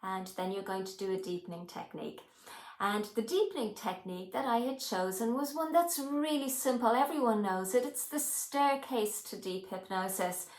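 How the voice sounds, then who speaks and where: A woman's voice: fairly high pitch, expressive, moderate pace. A middle-aged Irish woman, a hypnotherapy teacher, telling a candid personal story in a reflective way. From Ireland. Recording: roomy echo.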